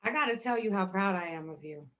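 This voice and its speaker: A woman's voice: medium pitch, expressive, quick pace, fairly bright tone. A woman in casual podcast chat, emotional and emphatic, repeating words of praise and encouragement. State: moved, emotional. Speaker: podcast co-host.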